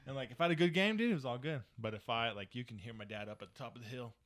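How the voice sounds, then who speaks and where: Animated storytelling podcast guy. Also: medium pitch, racing. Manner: animated, acts out quotes, swears freely. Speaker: podcast co-host. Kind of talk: casual storytelling chat. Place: podcast studio.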